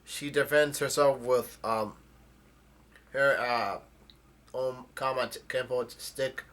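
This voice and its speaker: A man casually summarizing the plot of a comic chapter, with halting speech full of ums, uhs and restarts. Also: mid-range voice, fairly even intonation, fairly bright tone. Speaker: manga chapter recapper.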